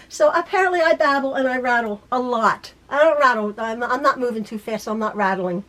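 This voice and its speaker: A woman's voice: high-pitched, fairly quick. A middle-aged woman in back pain, chatting casually to her quilting viewers in a rambling way with many restarts. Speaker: quilting YouTuber. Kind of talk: casual chat to camera. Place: home sewing room.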